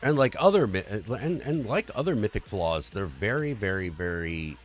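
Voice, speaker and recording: A man's voice: on the low side, big pitch swings, normal speed, soft background music. A man hosting a livestream, in an earnest, rambling and profane rant about society. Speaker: livestream host. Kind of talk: casual political rant.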